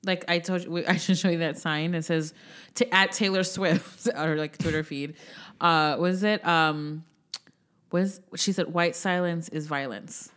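A woman's voice: low voice, steady tone, unhurried, a bit bright, clean tone. A woman from New York co-hosting a casual chat, enthusiastic and profane, often laughing. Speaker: podcast co-host.

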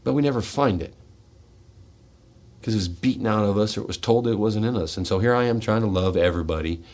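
A middle-aged man hosting a radio show, speaking in a raw, confessional monologue, tearful and shaky, swinging between forceful outbursts and hushed words. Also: on the low side, fast. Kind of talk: emotional personal monologue. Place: radio studio.

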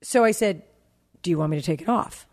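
A woman's voice: on the low side, brisk, darkish tone. A woman in her forties hosting a podcast, telling a story about her kids in a casual chat and acting out their dialogue. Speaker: podcast host.

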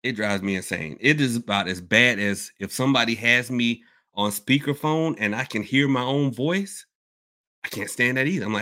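A man's voice: mid-range voice, moderate pace. Rambling man hosting a podcast. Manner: rambling, animated, swings between loud outbursts and mutters. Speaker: podcast host. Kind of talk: casual live Q&A chat.

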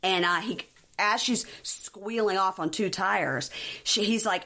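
A woman hosting a podcast, telling a reality TV story in lively casual chat and acting out the quotes. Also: medium pitch, measured pace. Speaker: podcast host.

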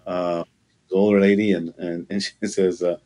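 A man giving an earnest personal testimony in an interview, halting and full of fillers. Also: sits low, flat delivery, dark tone. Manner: halting, with frequent fillers and restarts; earnest, with occasional laughter. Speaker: interview guest.

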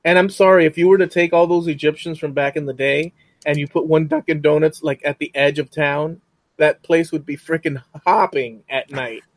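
A man's voice: on the high side, fairly even intonation, normal speed, no echo. A man hosting a podcast in casual chat, rambling and often saying frickin'. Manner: rambling, says frickin' a lot. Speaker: podcast host.

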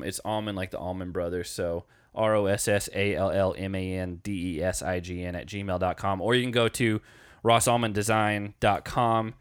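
A man's voice: lowish voice, fairly bright tone, clean tone, no room sound, studio quality. A man co-hosting a podcast, running through announcements in a loose, rambling way with lots of fillers. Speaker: podcast co-host. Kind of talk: casual podcast chat.

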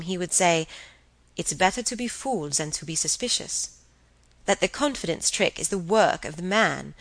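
A woman voicing a thoughtful, earnest young woman who speaks politely and gently chides in an audiobook. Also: lowish voice, no echo, low-quality recording.

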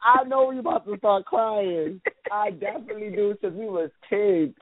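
A man co-hosting a casual chat who talks in an animated way, laughs often and acts out quotes. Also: high-pitched, normal speed. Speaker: podcast co-host. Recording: tinny phone-like audio.

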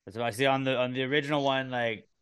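A man hosts a casual comedy podcast in a loose, rambling way, cursing offhandedly. His voice is smooth and clear at an ordinary middle pitch. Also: steady tone, fast, a bit bright. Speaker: podcast host.

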